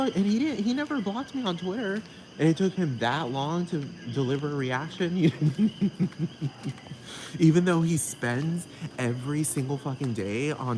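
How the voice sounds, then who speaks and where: A man ranting to camera in a sassy, heavily profane way and laughing often, outdoors at night. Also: a little high. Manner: sassy, heavy swearing, frequent laughter. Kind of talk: casual profane rant to camera. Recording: noisy background with crickets.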